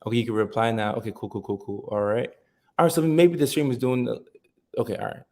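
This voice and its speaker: A man hosting a casual livestream, chatting with viewers, reading their comments aloud and repeating himself in a relaxed way. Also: mid-range voice, fast. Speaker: livestream host.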